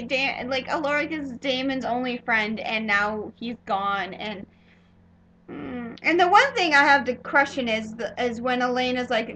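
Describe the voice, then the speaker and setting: A woman's voice: fairly high pitch, measured pace, pushed and bright, slight background noise, poor audio. A young woman giving a casual spoiler review of a TV episode, rambling and gushing with lots of filler words and restarts.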